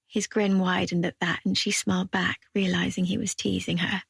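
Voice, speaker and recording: A woman reads an audiobook thriller in an even, measured way. Her voice has a gravelly fry and a husky grain. The recording is close and dry. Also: lowish voice, dry recording. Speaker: audiobook narrator. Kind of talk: scripted narration.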